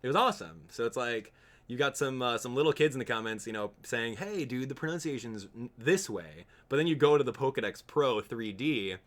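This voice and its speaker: A man's voice: mid-range voice, fairly quick, a bit bright. A young man chatting casually while streaming a game live, joking with viewers and laughing often. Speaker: gaming streamer. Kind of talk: live gameplay stream chat.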